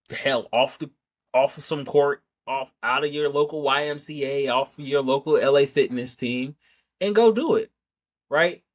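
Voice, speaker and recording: A man hosting a sports podcast, giving a casual, rambling opinion monologue full of self-corrections and rhetorical "right?" asides. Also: mid-range voice. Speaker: podcast host.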